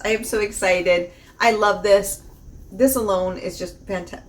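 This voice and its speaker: A woman's voice: mid-range voice, normal speed, a little hiss or hum. A woman vlogger chatting casually through a box opening, bubbly and gushing, often laughing and repeating herself. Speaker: unboxing vlogger. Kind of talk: casual chat.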